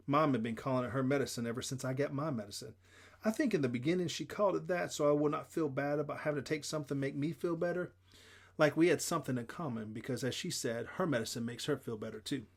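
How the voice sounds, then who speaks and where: A man reading a children's novel aloud in plain, steady first-person narration. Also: medium pitch. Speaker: audiobook reader.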